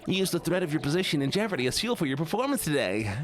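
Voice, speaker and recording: A man's voice: on the high side, sing-song, quick pace. A man voicing a stern, demanding male store boss who gives cold, clipped orders.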